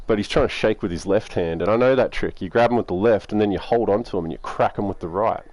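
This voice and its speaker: Young Aussie streamer, low voice, relaxed rambling storyteller who swears a lot. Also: male voice, fast talker, no echo. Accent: Australian. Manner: rambling, laid-back, heavy swearing. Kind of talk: casual storytelling.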